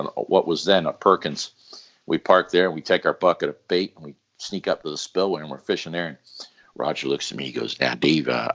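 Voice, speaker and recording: Low-voiced, animated male storyteller in a casual podcast, muffled lo-fi sound. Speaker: guest storyteller.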